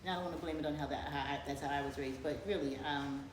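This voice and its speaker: A middle-aged woman telling a family story in casual chat, talking fast and rambling, often breaking into laughter. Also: low voice, steady tone, echoey room, background noise.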